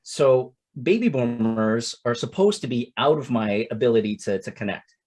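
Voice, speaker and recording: A man in his forties with a husky, slightly rough voice, giving a relaxed coaching talk with personal anecdotes. He talks conversationally at a middle pitch and keeps checking in with "right?" as he goes. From Toronto, Canada. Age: 40s. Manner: conversational, often repeats "it's like" and "right?". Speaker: capital-raising coach. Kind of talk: casual instructional talk with anecdotes.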